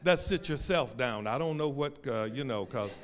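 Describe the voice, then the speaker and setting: A male pastor preaching a sermon, swinging between loud calls and hushed, drawn-out lines. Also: mid-range voice, expressive, a crowd in the background. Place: church sanctuary. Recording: reverberant church sanctuary.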